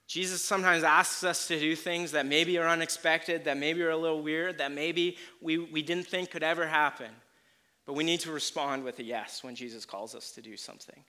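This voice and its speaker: Retelling a story with lots of energy, a preaching man acts out the quotes, his loudness swinging up and down as he drives home his points. The voice is bright and forward, a little high for a man, and he speaks at normal speed.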